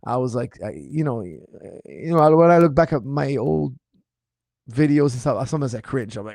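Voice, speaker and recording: A man coaching martial arts who answers viewer questions in a casual livestream, speaking in an animated, incredulous and mocking way, his voice slightly strained. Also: mid-range voice, normal speed, gravelly, no echo, studio quality.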